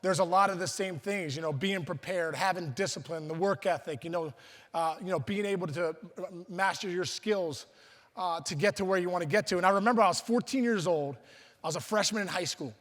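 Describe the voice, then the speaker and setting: A middle-aged man from Pittsburgh tells stories in a high, bright voice, acting out the people he quotes and stumbling into quick restarts. His speech rings through a reverberant banquet hall. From Pittsburgh, USA. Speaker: guest speaker. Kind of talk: storytelling speech at a luncheon.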